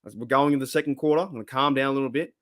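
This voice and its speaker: A man's voice: medium pitch, rapid-fire, a bit bright. An Australian man hosting a live sports podcast, fired up and rambling as he reads chat comments aloud. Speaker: podcast host.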